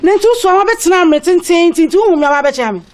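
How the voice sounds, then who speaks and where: A high-voiced, rapid, insistent arguer in a family dispute. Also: female voice, darkish tone. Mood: arguing. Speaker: actor in a film drama. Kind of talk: film drama dialogue.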